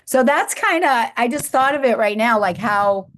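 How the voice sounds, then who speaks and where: Woman comedian with halting, trailing speech. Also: a little high, animated, fairly bright tone. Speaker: comedian panelist. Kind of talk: casual roundtable chat.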